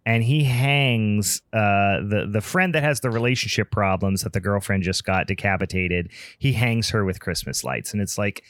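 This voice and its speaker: A man's voice: fairly low pitch, fairly bright tone, dry recording, clean studio sound. A man co-hosting a podcast, retelling movie scenes in a casual, sarcastic way and laughing often. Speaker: podcast co-host. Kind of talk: casual film review chat.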